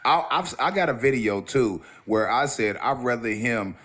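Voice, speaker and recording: A man's voice: medium pitch, lively intonation, moderate pace, fairly bright tone. A man calling into a livestream over a video call, insistently making his case in an opinionated discussion. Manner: earnest and insistent. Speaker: guest caller.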